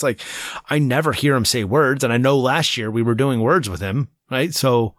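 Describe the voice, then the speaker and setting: A man's voice: medium pitch, animated, normal speed, fairly bright tone, no room sound. A middle-aged man chatting casually as a parent, rambling and retelling stories with quoted voices. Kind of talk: casual chat.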